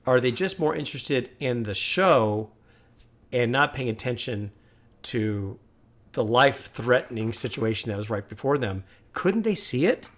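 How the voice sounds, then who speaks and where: Man, music reaction host, casual commentary, earnest, musing, heated at times, mid-pitched voice. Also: lively intonation, unhurried, fairly bright tone.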